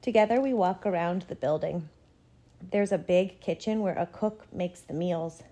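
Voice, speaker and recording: A woman reading a picture book aloud in a gentle, measured storytelling voice. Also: fairly low pitch. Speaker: storybook reader.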